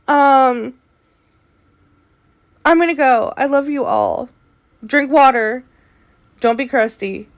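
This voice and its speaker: A woman's voice: high-pitched, fairly even intonation, slow pace, pauses often. A woman vlogger giving opinionated commentary, sassy and exasperated, speaking straight at the person she criticizes. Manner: sassy, exasperated, addresses her subject directly.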